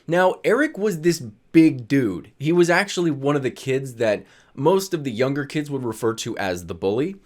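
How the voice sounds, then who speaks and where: Lively young man telling high school stories. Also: moderate pace, few pauses. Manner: animated, laughs while telling, acts out friends' lines. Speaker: storyteller vlogger. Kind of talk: casual storytelling.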